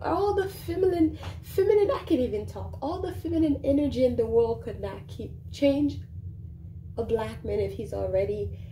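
A woman vlogger giving sassy, animated opinion commentary to the camera in a casual way. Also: sits high. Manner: sassy, animated, talks back to the subject. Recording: roomy echo with faint background noise.

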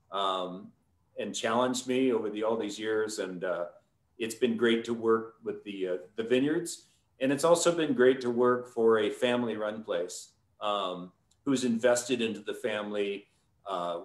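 A man with a low voice tells a story on a live stream, talking in a loose, rambling way and filling pauses as he goes. He works as a winemaker. His voice carries some room echo. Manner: relaxed, rambling with many fillers.

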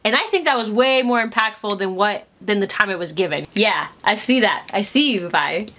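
A woman hosting a reaction video, chatting casually and gushing excitedly, sometimes breaking into squeals. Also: medium pitch, moderate pace.

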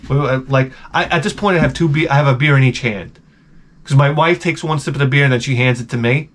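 A man's voice: medium pitch, fast talker. Profane, sarcastic New man rambling. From Long Island, New York. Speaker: vlogger. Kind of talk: casual rambling monologue.

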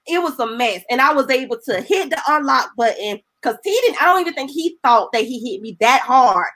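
A woman's voice: sits high, lively intonation, a little fast, a bit bright. A woman evangelist, a guest on the show, telling her personal testimony in an earnest, emotional, colloquial storytelling way.

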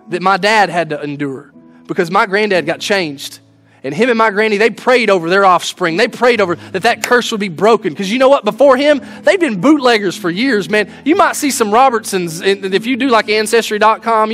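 Preacher guy, highish voice, earnest down-home sermon, light guitar playing behind. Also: fairly bright tone. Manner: earnest, folksy, restarts words often. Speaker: pastor. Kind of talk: sermon with closing prayer.

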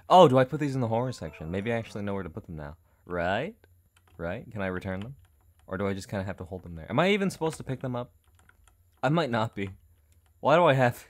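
A young man commentating a horror game, reading dialogue aloud with nervous jokes and laughter. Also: lowish voice. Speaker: gaming YouTuber.

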